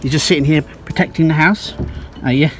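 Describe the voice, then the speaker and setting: A man's voice: fairly high pitch, brisk, soft background music. A man vlogging casually on a narrowboat, rambling and jokey with lots of fillers. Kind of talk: casual vlog chat.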